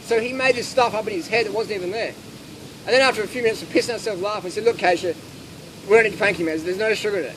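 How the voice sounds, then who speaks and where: A man answering audience questions at a festival, telling stories in a casual, animated way and acting out quoted lines. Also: high-pitched, fast. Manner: anecdotal, animated, acts out quotes. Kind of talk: casual Q&A talk. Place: outdoor festival. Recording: noisy outdoor recording.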